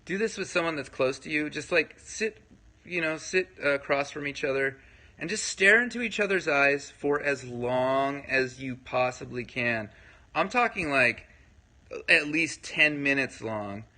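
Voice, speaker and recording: Bright-voiced rambling man on a livestream. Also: fairly high pitch, lively intonation, a little slow, rough recording. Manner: rambling, filler-heavy, keeps checking in with listeners. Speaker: livestream host. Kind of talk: casual livestream talk, answering viewer comments.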